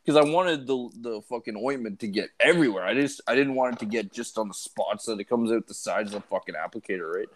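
Fast-talking profane man. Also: mid-range voice. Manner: profane, joking interjections. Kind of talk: casual chat.

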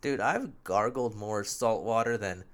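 A man's voice: fairly low pitch, unhurried, a bit bright. A young man hosting a solo podcast while sick, with a nasal, phlegmy voice and a sore throat, rambling loosely and mocking himself, with plenty of swearing. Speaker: podcast host.

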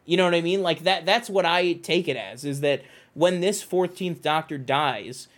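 A man in casual podcast chat with a slightly raised pitch. He rambles eagerly, restarting his sentences and leaning on fillers as he works through his point. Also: moderate pace, a bit bright. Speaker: podcast co-host.

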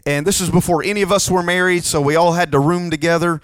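A man's voice: on the high side, fairly even intonation, quick pace, a bit bright, clean tone, dry recording. A middle-aged man, preaching a sermon with humorous stories and calls to the congregation for a response.

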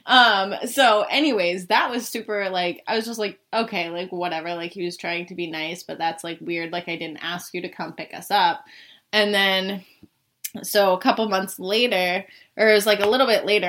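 A woman's voice: mid-range voice, fairly bright tone. A young woman from the Boston area telling a personal story in a casual, chatty way, saying "like" constantly and swearing now and then.

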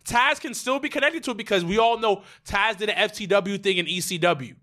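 High, bright-voiced man, animated chat. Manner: quick, animated, laughs while talking. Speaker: podcast co-host. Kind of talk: casual podcast chat.

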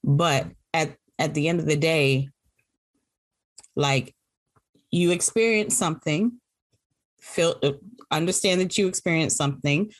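Casual: lowish voiced woman in a chat w friends, chill and blunt, laughs a lot. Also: measured pace, pauses often. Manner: laid-back, laughs easily, plain-spoken. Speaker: guest, friend of the host.

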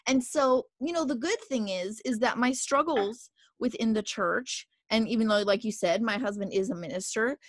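A woman's voice: a little high, moderate pace, few pauses, no room sound. A woman hosting a podcast, sincere and affirming as she talks. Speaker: podcast host. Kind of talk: candid podcast conversation.

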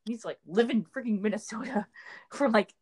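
A woman's voice: medium pitch, a little fast, a little mellow, husky. A young woman co-hosting a casual chat, rambling with constant filler words and restarts. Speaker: podcast co-host.

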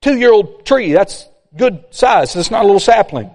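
A man preaching a sermon, folksy and animated, acting out complainers. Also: high-pitched, moderate pace. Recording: long hall reverb.

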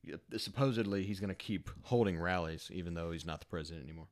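A man's voice: sits low, fast. A man co-hosting a podcast in casual, profane, joking chat. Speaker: podcast co-host.

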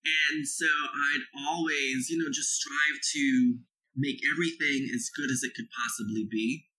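Earnest guy telling his life story in an interview, really bright ringing voice. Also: mid-range voice, steady tone, measured pace, rough recording. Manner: earnest, reflective, tells stories. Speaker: interview guest. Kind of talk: conversational interview.

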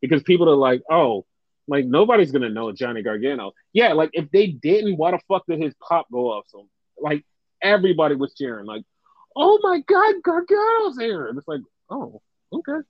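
Animated swearing man on a dull dry mic. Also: fairly high pitch, fairly quick, dry recording. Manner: animated, swears often, quotes fans in exaggerated voices. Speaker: podcast co-host. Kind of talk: casual wrestling podcast chat.

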